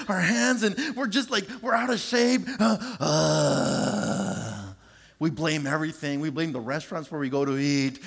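A middle-aged male pastor preaching a sermon, animated and confessional, joking with his congregation and stretching words out for emphasis. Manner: animated and confessional, draws out words, shifts pitch sharply for emphasis; lively, joking asides to the congregation.

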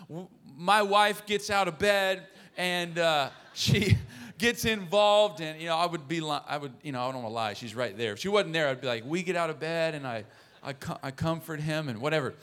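Pastor, male, 30s, sermon delivery: earnest, bright, slightly high voice, joking asides to the crowd.

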